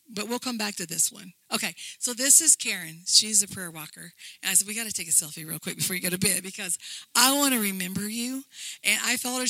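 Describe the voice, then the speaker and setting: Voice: medium pitch, sharp tone, no room sound, low-quality recording. A church minister telling a rambling, earnest faith story while presenting slides. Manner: rambling, earnest testimony with frequent restarts. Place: lives in Brussels.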